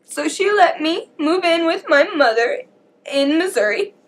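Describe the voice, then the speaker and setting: A young woman vlogger telling a painful personal story, halting and emotional, her voice shaky and often near tears. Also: very high voice, expressive.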